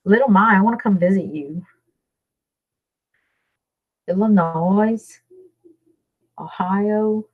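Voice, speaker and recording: A woman's voice: mid-range voice, slow pace, pauses often, phone-quality sound. A woman from Louisiana with a Southern accent, chatting casually with viewers on a livestream, rambling and reading out their names. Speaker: livestream host.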